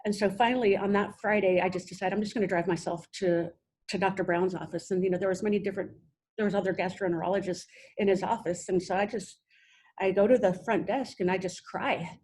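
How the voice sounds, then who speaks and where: A young adult woman, a podcast guest, telling her own story in a halting way with many restarts. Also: medium pitch, steady tone, darkish tone, breathy edge. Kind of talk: personal storytelling interview.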